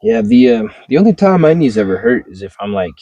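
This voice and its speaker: Brief: relaxed young guy, medium pitch, easygoing and profane, dry close mic. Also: fast, no echo, lo-fi sound. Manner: laid-back, calls people dude and bro, swears casually. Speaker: podcast co-host. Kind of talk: casual chat.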